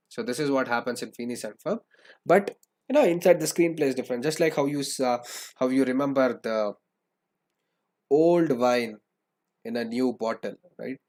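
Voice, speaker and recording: A man's voice: mid-range voice, a little mellow. A young man giving an online lesson, often asking "right?" and repeating his points. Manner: frequent "right?" tag questions, repeats phrases. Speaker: online English teacher. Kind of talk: lecture to students.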